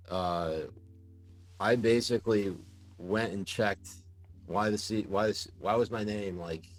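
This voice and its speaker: A man in a casual podcast interview, telling stories with lots of fillers and bursts of laughter. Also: lowish voice. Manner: animated, laughing storyteller with many fillers. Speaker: podcast guest, journalist.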